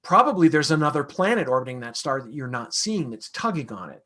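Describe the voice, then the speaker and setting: A man's voice: medium pitch, very animated, brisk, fairly bright tone. A man, an astronomer, answering audience questions in a casual, conversational lecture with frequent fillers and restarts.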